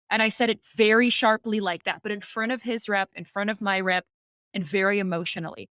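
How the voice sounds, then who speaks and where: Woman executive, podcast guest, mid-range voice, lively storyteller, dry close sound. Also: medium pitch, fairly quick, dry recording. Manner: animated, acts out quoted dialogue. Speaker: guest, company president.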